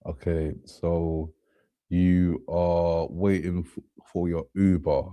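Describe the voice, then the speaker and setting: A man's voice: deep voice, steady tone, slow, warm tone, no echo. A man in casual chat as co-host, agreeable and laughing often.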